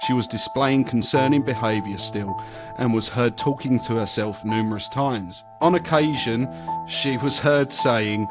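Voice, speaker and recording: A man hosting a podcast, reading a paranormal story in a casual, lively way. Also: mid-range voice, moderate pace, music in the background. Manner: casual, swearing, lively narration. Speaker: podcast host.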